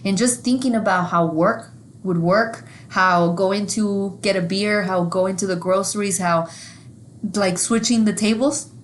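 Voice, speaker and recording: A woman's voice: medium pitch, measured pace, a little hiss or hum. Foul-mouthed woman telling a story. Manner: profane, animated storytelling. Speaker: podcast co-host. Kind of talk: casual chat.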